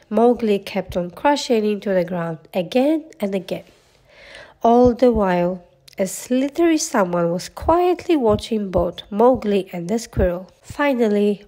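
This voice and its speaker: A woman reads a children's storybook aloud in a gentle, measured way. She takes her time, with a very slow pace and an ordinary middle pitch. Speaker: narrator.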